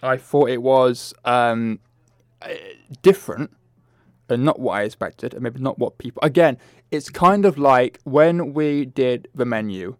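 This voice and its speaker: A man co-hosting a laid-back film review podcast in a middle pitch, recorded in a dry room with no echo. He talks hesitantly, full of fillers, and often trails off into a quiet mumble. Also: unhurried. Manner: hesitant, drifts into a low mumble. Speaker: podcast co-host. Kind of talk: casual film review chat.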